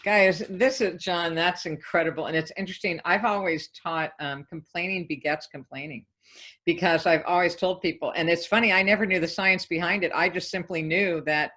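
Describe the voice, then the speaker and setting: A woman's voice: fairly low pitch, fairly even intonation, moderate pace, sharp tone. A woman hosting an interview, talking enthusiastically and affirming her guest. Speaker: summit host. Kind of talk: interview chat.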